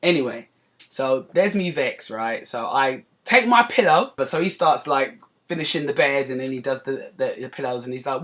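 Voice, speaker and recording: A woman hosting a podcast, telling a personal story in a chatty, digressive way that turns animated as she relives it. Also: extremely low pitch, normal speed. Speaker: podcast host. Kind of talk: casual storytelling monologue.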